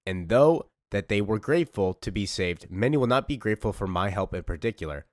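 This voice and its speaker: A man voicing a calm, commanding warrior woman hero, speaking firm and measured. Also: lowish voice, no room sound, studio quality, close to an everyday voice.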